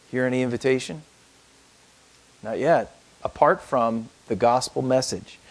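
A man's voice: animated, moderate pace. A man preaching a sermon and reading scripture aloud in an earnest manner, lifting his voice on the verses. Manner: earnest, lifts pitch when reading verses.

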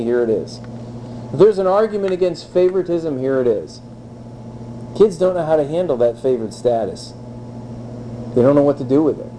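A man preaching an expository sermon in a lively, conversational way, with wry, blunt asides. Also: mid-range voice, slight background noise, poor audio.

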